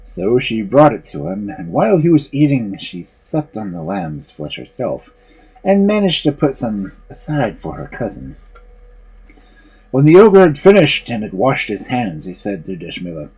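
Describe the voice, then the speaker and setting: A male storyteller reads a fairy tale aloud at an unhurried pace. His voice is dark and husky, and his pitch rises and falls a great deal. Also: huge pitch swings, rough recording.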